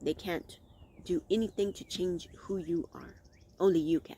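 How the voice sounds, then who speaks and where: A middle-aged woman talks straight to her vlog audience outdoors in a slightly low voice. She is candid and rambling, and often restarts her sentences. Faint birdsong and outdoor ambience sit quietly behind her. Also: steady tone, normal speed, a little hiss or hum. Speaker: vlog host. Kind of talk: casual reflective vlog monologue.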